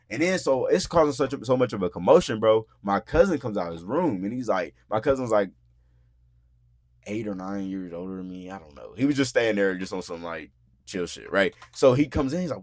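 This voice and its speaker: A young man hosting a podcast, telling a story in casual, profane talk, acting out quotes loudly and filling his speech with "bro" and "like". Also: on the low side, animated, brisk, no room sound, studio quality. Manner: frequent filler words like "bro" and "like". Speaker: podcast host. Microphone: podcast mic.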